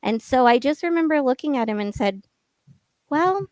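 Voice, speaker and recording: A woman with a fairly high voice tells a personal story on a podcast. She speaks candidly and acts out the dialogue as she goes. The sound is dry and close. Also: animated, quick pace, a little mellow, no room sound. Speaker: guest.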